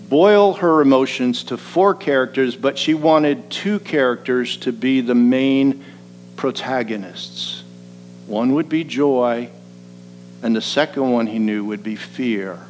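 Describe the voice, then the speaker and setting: A male pastor delivering a sermon at a middle pitch. He drops to a hushed, slow voice for reflective points, then builds to raised, emphatic preaching. Faint music plays underneath. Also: poor audio.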